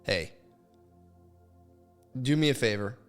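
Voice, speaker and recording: A man's voice: medium pitch, lively intonation, slow pace, fairly bright tone, clean tone, soft background music. A man voicing a desperate boy who pleads and bargains for his life. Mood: pleading. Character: desperate young boy caught by a crocodile.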